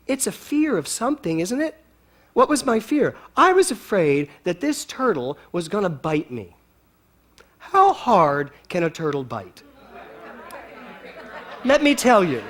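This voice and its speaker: Lively, laughing male preacher telling stories. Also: sits high. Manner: animated, laughing storyteller. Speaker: speaker at a spiritual center. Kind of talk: storytelling sermon to a congregation.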